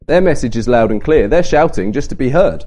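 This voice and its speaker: A man giving a Bible talk at a camp, lively and varying his pace and emphasis to make points. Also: mid-range voice, brisk. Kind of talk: sermon to a youth camp.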